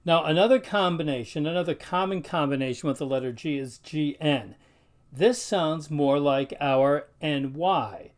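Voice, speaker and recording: A man's voice: fairly high pitch, normal speed. Man carefully sounding out Latin words. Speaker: Latin teacher. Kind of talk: instructional video narration.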